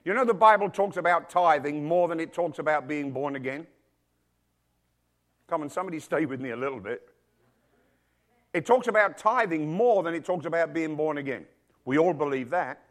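A middle-aged man preaching a sermon to his church, emphatic and full of rhetorical questions. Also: fairly high pitch. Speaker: pastor. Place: church with congregation and children.

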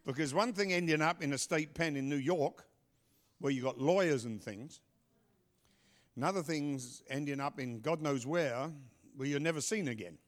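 A middle-aged man telling a story and giving announcements at a church service, animated, with loud bursts. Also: a little high, moderate pace. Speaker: pastor.

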